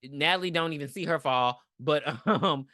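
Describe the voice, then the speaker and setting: A woman's voice: low-pitched, moderate pace, fairly bright tone, no echo, clean studio sound. A young woman co-hosting a podcast, recapping a movie in casual chat and acting out the characters in big voices. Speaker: podcast co-host.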